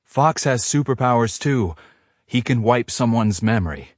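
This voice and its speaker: A man voicing a gentle, remorseful male werewolf who speaks softly and soothingly. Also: medium pitch, animated, normal speed, no room sound, clean studio sound, close to an everyday voice. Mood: confessing. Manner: soft, soothing, apologetic.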